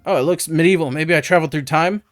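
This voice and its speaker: A man's voice: fairly high pitch, quick pace, close to an everyday voice. A man voicing a lost, polite young male newcomer in a game, asking earnest questions.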